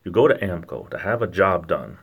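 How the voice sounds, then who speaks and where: A man with a Rhode Island accent, casually chatting and joking with viewers on a livestream in a rambling, halting way. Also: deep voice, big pitch swings, gravelly, breathy edge, phone-quality sound. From lower New England, Rhode Island–Massachusetts border. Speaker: livestream host reading chat.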